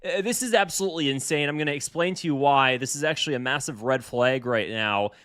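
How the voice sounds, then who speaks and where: A male commentator reacts to a clip with a heated, opinionated delivery. He often repeats phrases and restarts his sentences as he makes his point, and his voice sits in a middle pitch. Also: fast, a bit bright, smooth. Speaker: political commentator.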